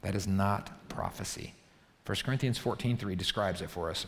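A man's voice: low-pitched, normal speed, fairly bright tone, in a large hall. A man preaching a sermon as pastor, emphatic and often checking in with "right?". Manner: emphatic, punctuates points with rhetorical "right?". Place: church auditorium.

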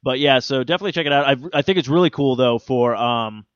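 A man's voice: mid-range voice, fast talker, dry recording. Guy rambling on a gaming podcast, lots of uhs, kinda muffled dry mic. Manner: rambling, many fillers and restarts. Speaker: podcast co-host. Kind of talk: casual gaming podcast chat.

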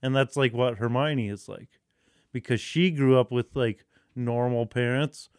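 A man co-hosting a podcast, chatting casually in a rambling, profane, excitable way. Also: mid-range voice, unhurried, clean tone, dry recording, clean studio sound. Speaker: podcast co-host. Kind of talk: casual chat.

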